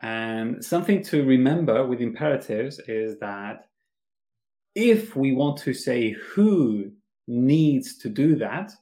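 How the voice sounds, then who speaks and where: In this bilingual podcast lesson, an English teacher with a medium-pitched, mellow voice and lively intonation explains English grammar. He goes slowly and switches between Spanish and English.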